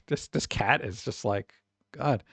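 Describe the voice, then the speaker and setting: A young man streaming, chatting casually while reacting to pet pictures, animated and chuckling, sometimes putting on funny voices for the animals. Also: medium pitch, slow pace, gravelly, slightly rough, no echo.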